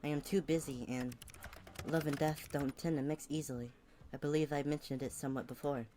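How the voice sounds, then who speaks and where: A woman's voice: deep voice, steady tone, fairly quick, dark tone, close to an everyday voice. A woman voicing an aloof, formal male Grim Reaper, reading game dialogue aloud in a stiff, cold, dismissive manner.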